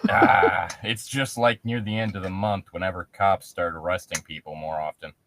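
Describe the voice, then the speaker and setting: A man's voice: low-pitched, steady tone, normal speed, gravelly, heavy background noise. A man co-hosting a casual comedy podcast, joking crudely and laughing often. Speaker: podcast co-host.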